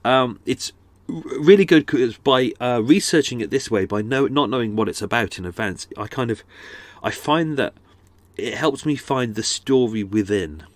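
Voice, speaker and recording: A man's voice: mid-range voice, expressive, normal speed, no room sound. A man hosting a podcast, chatting in a waffly, rambling way with many restarts, his nose a little blocked up, recorded close to a microphone on a houseboat. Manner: waffly, chatty, self-deprecating, lots of restarts. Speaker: podcast host. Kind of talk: casual rambling chat. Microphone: close studio microphone.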